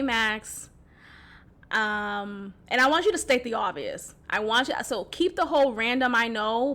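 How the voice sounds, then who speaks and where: A woman hosting a casual solo podcast, talking candidly in an animated, slangy way with frequent laughs. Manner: drops soft and low when voicing a text message. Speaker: podcast host.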